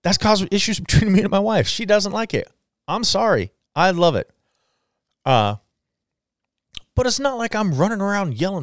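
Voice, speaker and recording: A man's voice: high-pitched, big pitch swings, moderate pace, long pauses, dry recording, studio quality. A man in his forties hosting a solo podcast, ranting bluntly and swearing freely. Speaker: podcast host. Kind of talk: casual solo podcast rant.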